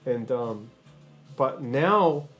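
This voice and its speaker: A man's voice: mid-range voice, animated, very slow, fairly bright tone, faint music behind. A man livestreaming in casual chat, rambling and swearing, often stammering and restarting his sentences.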